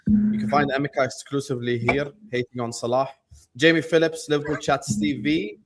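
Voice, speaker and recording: A man hosting a casual football chat show, joking and teasing his panel between quick shout-outs. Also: mid-range voice, fairly even intonation, soft background music. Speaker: host.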